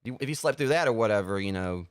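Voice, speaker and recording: Fast, rambling gamer guy. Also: fairly low pitch, expressive, clear, resonant tone. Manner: rambling, filler-heavy. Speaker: let's play host. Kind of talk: casual gameplay commentary.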